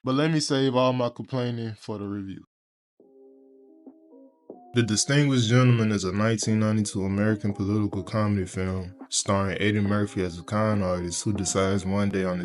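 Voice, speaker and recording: A young man reviewing a movie in a casual, crude and sarcastic manner, full of profanity. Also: fairly low pitch. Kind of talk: casual video commentary.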